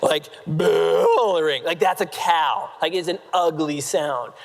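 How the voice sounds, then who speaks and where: A motivational keynote speaker from Nebraska, United States, gives a humorous storytelling talk on the main stage of a large convention hall, with the hall's long reverb audible. He's playful and self-mocking, quips at the crowd, and leans heavily on "like". His voice is on the high side and fairly bright, at a measured pace.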